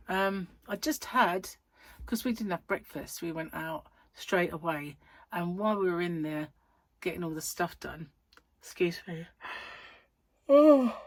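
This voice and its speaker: Middle-aged woman vlogger, tired, rambling and giggly, lowish voice, dry close sound. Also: dry recording. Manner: chatty, rambling, giggly storytelling. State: yawning, tired. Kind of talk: casual chat to camera.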